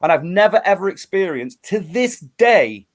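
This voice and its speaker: Animated man telling a story. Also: high voice, moderate pace. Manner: animated storyteller, acts out quotes, many restarts. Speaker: guest musician. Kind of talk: storytelling in a casual interview.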